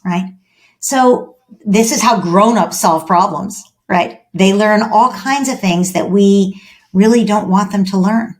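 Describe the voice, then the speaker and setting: A woman parenting expert talks as a guest on a podcast. Her delivery is animated. She slips into short acted-out exchanges between parent and child. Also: mid-range voice. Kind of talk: podcast interview.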